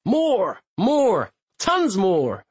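A man's voice: big pitch swings, brisk, breathy edge, dry recording. A male audiobook narrator voicing a prickly, needy middle-aged mother in a raised, plaintive voice. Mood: eager, tender. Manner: raised pitch, plaintive and reproachful. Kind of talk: audiobook character voice.

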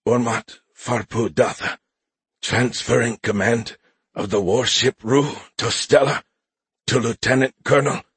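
A man voicing a dying male alien ship commander who speaks in a weak, breathy, halting way. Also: medium pitch, steady tone, a bit bright, dry recording, full character voice. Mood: formal.

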